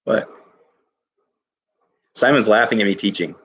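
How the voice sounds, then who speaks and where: A male teacher giving an enthusiastic poetry lesson to his class, reading lines slowly and stressing each syllable. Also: on the low side, fairly bright tone, breathy edge.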